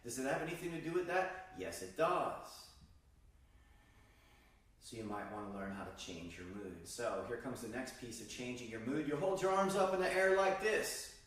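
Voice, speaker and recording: Male qigong teacher, calm instructional delivery, recorded far off in a roomy space. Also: medium pitch, moderate pace. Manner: calm, guiding, demonstrates breathing sounds. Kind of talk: instructional demonstration. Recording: very echoey room, distant mic.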